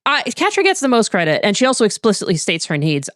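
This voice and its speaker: A woman's voice: huge pitch swings, quick pace, few pauses, fairly bright tone, dry recording, clean studio sound. A woman co-hosting a podcast, chatting playfully and bubbly about the episode. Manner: playful, bubbly, big swings in pitch. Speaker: podcast co-host. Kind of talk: casual podcast recap chat.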